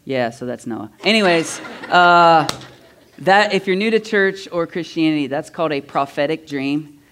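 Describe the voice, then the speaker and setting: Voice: medium pitch, expressive, moderate pace, a bit bright, smooth. A pastor speaking casually to a congregation, upbeat, with stammered repeats. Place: church sanctuary.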